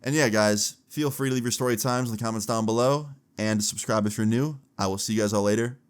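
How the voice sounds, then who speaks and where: A man's voice: fairly low pitch, fast, clean tone. A young man vlogger casually telling a story time in a slangy, swearing way.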